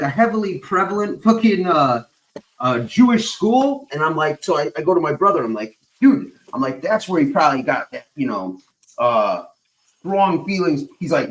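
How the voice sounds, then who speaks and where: A man's voice: fairly high pitch, very animated, moderate pace. A man hosting a stream, rambling in casual chat, swearing constantly and filling gaps with uh and whatchamacallit. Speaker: stream host.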